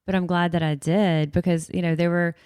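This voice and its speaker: A woman's voice: fairly low pitch, flat delivery, fairly quick, darkish tone, clean tone, no room sound, clean studio sound. A woman hosting a podcast, engaged, laughing along and finishing her guest's sentences. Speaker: podcast host. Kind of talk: casual interview chat.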